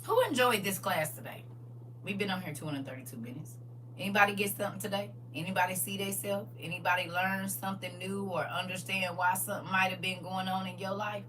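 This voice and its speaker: A woman hosting a casual livestream, reading viewer comments aloud and preaching in a lively way with frequent laughs. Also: medium pitch, fairly quick, distant mic, slight background noise. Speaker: livestream host.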